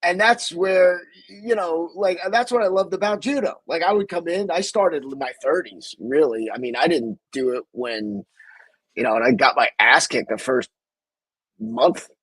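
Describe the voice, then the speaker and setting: A man in his forties hosts a casual podcast, rambling and cursing freely. His voice sits a little high and husky. The sound is close and dry. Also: normal speed, no room sound, low-quality recording. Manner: profane, rambling, animated. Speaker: podcast host.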